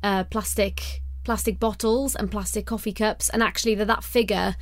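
A young Welsh woman speaks earnestly and steadily at a middle pitch, pausing on frequent ums. Her voice sounds dry and close. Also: steady tone, no room sound. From Wales. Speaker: podcast co-host. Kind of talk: casual conversation.

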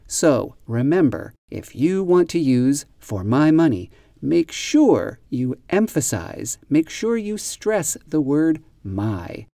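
Lively-voiced man teaching English slowly. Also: a little high, creaky, dry recording, clean studio sound. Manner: spells words out and stresses them deliberately. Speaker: podcast host and English teacher. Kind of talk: slow, careful teaching explanation.

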